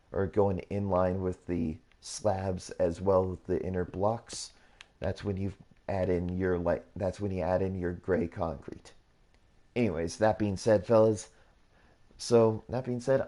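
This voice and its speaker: With a lowish, mellow voice, this gaming channel host talks through a build tutorial casually. He rambles, repeats himself, and often corrects what he's just said.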